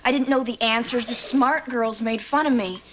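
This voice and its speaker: A woman's voice: on the high side, fairly even intonation, normal speed, close to an everyday voice. Actress playing a vain, whiny teenage girl. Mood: self-pitying. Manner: whiny, self-absorbed complaining. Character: vain teenage girl, shallow, self-pitying. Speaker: daughter. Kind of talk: sitcom acting. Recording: TV sitcom audio, background hiss.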